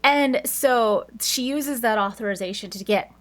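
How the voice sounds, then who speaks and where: A woman's voice: on the high side, unhurried. A woman doing a casual book review, retelling the plot in a chatty way with lots of fillers and self-corrections.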